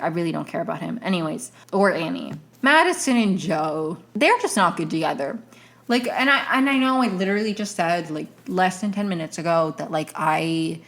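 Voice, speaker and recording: A woman hosting her own podcast, giving rambling, exasperated commentary full of fillers and restarts. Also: on the low side. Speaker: podcast host. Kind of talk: casual solo commentary.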